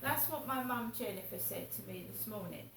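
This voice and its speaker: A woman's voice: medium pitch, expressive, normal speed, gravelly, fairly bright tone, slight background noise. A woman vlogging in a rambling, indignant monologue, swearing as she talks. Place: home flat. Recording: roomy echo, distant from mic.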